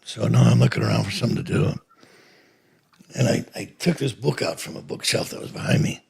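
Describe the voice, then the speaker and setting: A man's voice: on the high side, creaky, a little mellow, breathy edge. A man telling an anecdote in an interview, acting out the quoted dialogue as he goes. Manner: acts out quoted dialogue in his stories. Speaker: interview guest. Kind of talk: anecdotal storytelling.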